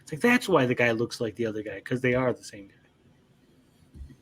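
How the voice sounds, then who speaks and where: A young man co-hosting an anime review show, recapping episodes in casual chat, swearing freely and jumping into quick character voices. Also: mid-range voice, sing-song, a bit bright, breathy edge.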